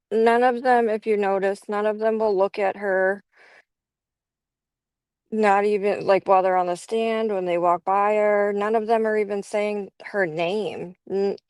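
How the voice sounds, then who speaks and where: A woman's voice: medium pitch, a little mellow, smooth, dry recording. A woman hosting a livestream, chatting casually about a trial. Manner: laughing, chatty. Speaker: livestream host.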